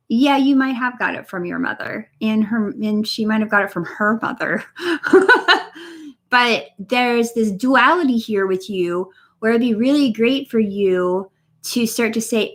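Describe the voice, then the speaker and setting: A young woman giving a spiritual energy reading on a live stream, talking softly and encouragingly to viewers by name from a room at home. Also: medium pitch, unhurried. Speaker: energy reader. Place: home room next to her computer.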